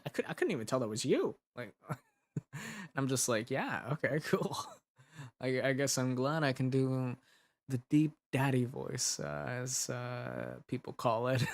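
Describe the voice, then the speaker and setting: In a dry recording, a young audio drama creator speaks in a mid-range voice. Brainstorming in casual conversation, he rambles and keeps interrupting himself with giggles.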